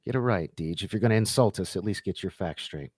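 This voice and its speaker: A man with a fairly low voice hosts a relaxed live stream, chatting casually and retelling scenes by acting out the quoted lines. The sound is dry and close, with no room echo. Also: fast talker, slightly rough. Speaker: host.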